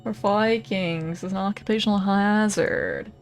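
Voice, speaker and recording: A woman's voice: medium pitch, a little slow. A woman streaming a game, chatting casually with viewers, laughing often and swearing freely. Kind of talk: casual live-stream chat. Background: faint background music.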